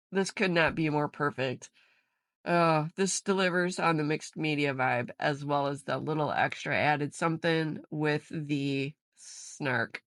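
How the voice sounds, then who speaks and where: Giggly low-voiced woman crafting vlogger. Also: dry recording, clean studio sound. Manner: giggly, bursting into laughter. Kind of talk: casual unboxing chat. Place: home craft room.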